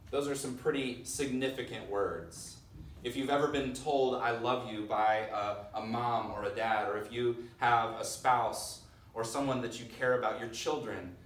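A man's voice: medium pitch, slight background noise. Earnest male pastor preaching in a roomy hall. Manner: earnest, drops to a hush on key phrases. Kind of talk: sermon. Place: church sanctuary. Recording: roomy sound from far off.

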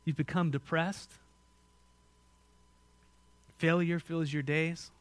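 Male American pastor, mid-high voice, dry close sound; dynamic sermon delivery with direct questions to the room. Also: level tone, slow, dry recording. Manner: dynamic preaching, swings from loud and emphatic to quiet and hushed; asks the congregation direct questions.

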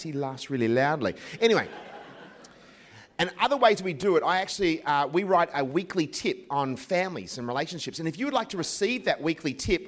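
Jokey Australian man giving a talk. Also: fairly high pitch. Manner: jokey, self-deprecating storyteller. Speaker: ministry CEO and speaker. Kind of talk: live public talk with anecdotes.

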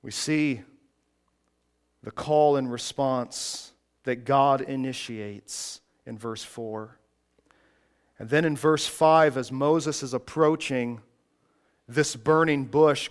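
A man preaching a sermon, moving from quiet reflective passages to loud, emphatic preaching. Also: mid-range voice, steady tone, takes it slowly, clear, resonant tone. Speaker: pastor.

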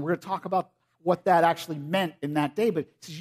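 Man, pastor, high voice, casual sermon, conversational, acts out quotes. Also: steady tone, fast talker, darkish tone.

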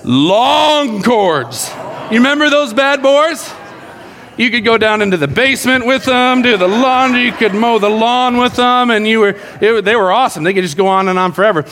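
Middle-aged male pastor, animated and joking; high voice ringing through a big hall. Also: a little fast. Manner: animated, joking storyteller acting out quotes. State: out of breath. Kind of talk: sermon. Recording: long hall reverb.

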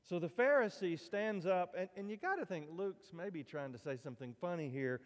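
A man's voice: high voice, animated, moderate pace. A man preaching a sermon as pastor, in a conversational, folksy way, with asides to the congregation. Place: church sanctuary. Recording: church hall reverb.

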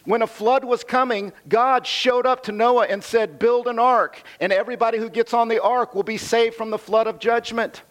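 A man's voice: very high-pitched, fairly even intonation, normal speed, few pauses, fairly bright tone. A man preaching a sermon. He reads scripture and explains it in a conversational way, repeating phrases for emphasis. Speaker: pastor.

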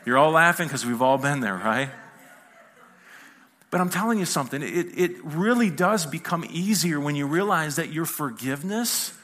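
Bright-voiced man preaching a lively sermon. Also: a little high. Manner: conversational preaching with acted quotes and humor. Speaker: pastor. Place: church hall with congregation.

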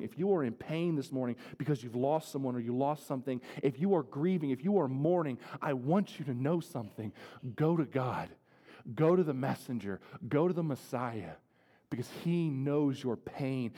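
A male pastor preaching a sermon, swinging from loud, fervent appeals to hushed, slow passages. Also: medium pitch, in a large hall. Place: church sanctuary.

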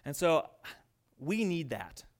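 A man who is a minister, preaching a sermon in an earnest, conversational way that swings between loud, pressing moments and hushed, quiet ones. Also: fairly high pitch, big pitch swings, slow pace.

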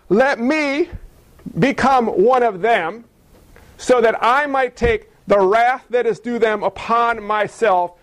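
Male pastor, very high voice, lively sermon delivery with acted-out voices. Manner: animated preaching, acting out biblical voices.

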